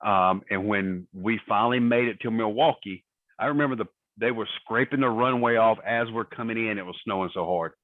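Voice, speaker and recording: A man's voice: lowish voice, a little fast, no room sound. Male guest, salty storyteller, tinny phone-line audio, dry sound. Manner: profane, laughing anecdotes. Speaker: podcast guest. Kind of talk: casual storytelling.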